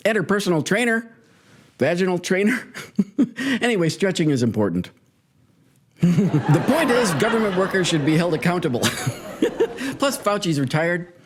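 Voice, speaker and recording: A man's voice: high-pitched, animated, moderate pace, pauses often, breathy edge. A man hosting a crude, sarcastic comedic commentary rant. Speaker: host.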